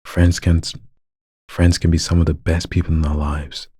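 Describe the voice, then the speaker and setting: A man voicing a calm, inquisitive male doctor in a read-aloud story, asking questions gently and measuredly. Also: extremely low pitch, moderate pace, slightly rough, no echo, clean studio sound.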